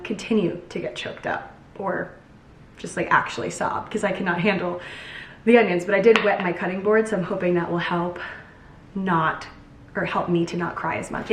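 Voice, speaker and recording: A woman's voice: fairly low pitch, echoey room, recorded from a distance, a little hiss or hum, rough recording. A young woman vlogging casually from her home kitchen, bubbly and chatty, joking as she cooks. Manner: bubbly and chatty, jokes while cooking. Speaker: lifestyle vlogger. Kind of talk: casual vlog chat.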